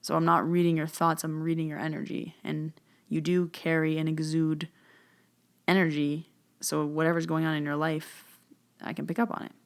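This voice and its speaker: A woman's voice: low-pitched, flat delivery, moderate pace, gravelly. A woman hosting a podcast, telling stories casually and acting out both sides of past conversations, with frequent "like" and "um" fillers. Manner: retells events with quoted back-and-forth dialogue. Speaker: podcast host and spiritual medium. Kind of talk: casual storytelling monologue.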